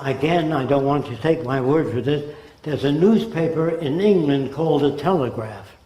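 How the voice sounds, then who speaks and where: A man's voice: fairly high pitch, mellow. An American man in his nineties giving a conversational public lecture, now and then mimicking accents. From United States. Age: 90s. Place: lecture hall. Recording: roomy hall echo.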